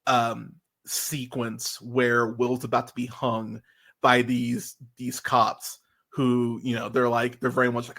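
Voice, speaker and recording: Bright-voiced animated male podcaster. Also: moderate pace. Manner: animated, swears, voice jumps high when angry. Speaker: podcast host. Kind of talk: casual review chat.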